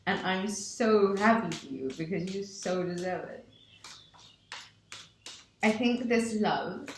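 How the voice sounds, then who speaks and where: A woman's voice: medium pitch, slow, a little hiss or hum. A woman giving an effusive tarot reading to camera, gushing and repeating her affirmations. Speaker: tarot reader. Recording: echoey room.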